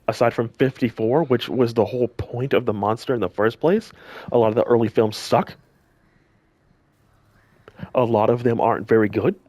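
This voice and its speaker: A man's voice: mid-range voice, darkish tone, dry recording. A man delivering a heated, scolding rant straight at his audience as a commentator, repeating lines for emphasis. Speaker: gaming channel commentator. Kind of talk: angry direct-to-camera rant.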